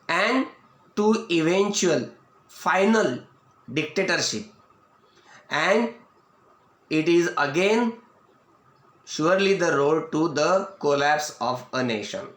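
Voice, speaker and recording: Slow-speaking Indian teacher, high voice. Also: male voice, expressive, fairly bright tone. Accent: Indian English. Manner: slow, repetitive explaining, restating each point. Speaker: English teacher. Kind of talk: video lecture. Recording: echoey room.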